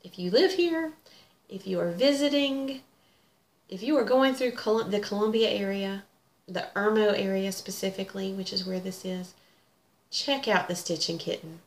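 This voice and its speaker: A woman's voice: medium pitch, moderate pace. Chatty woman, gushing, echoey room. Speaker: cross-stitch vlogger. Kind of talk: casual chat. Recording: echoey room with faint ambience.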